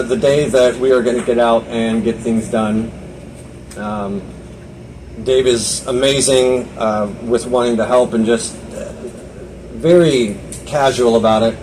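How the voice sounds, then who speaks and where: A man's voice: medium pitch, darkish tone, slight background noise, poor audio. A young man giving a personal testimony at a Bible study, talking earnestly in a loose conversational way, often restarting and voicing his own inner thoughts.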